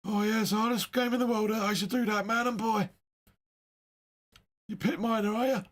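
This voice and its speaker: A man's voice: sits high, steady tone, moderate pace, a bit bright, pitched above the performer's own voice. A man voicing a boastful old Cockney man in a pub, with a put-on Cockney accent and a rambling, self-important way of talking.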